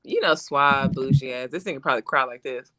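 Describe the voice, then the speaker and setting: A woman's voice: a bass voice, a little fast. A woman co-hosting a casual podcast, blunt and profane, telling stories with animation. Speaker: podcast co-host. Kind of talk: casual group podcast chat. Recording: loud noise on remote call.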